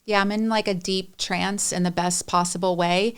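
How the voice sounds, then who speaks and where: A woman's voice: lowish voice, fairly even intonation, normal speed, smooth. A middle-aged woman speaking candidly and emotionally as a podcast guest, rambling through personal stories.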